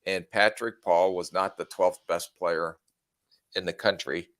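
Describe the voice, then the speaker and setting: A man co-hosting a sports podcast, answering in a plain, measured way with short verdicts. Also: sits low, fairly even intonation, fairly bright tone, no room sound. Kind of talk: casual sports podcast chat.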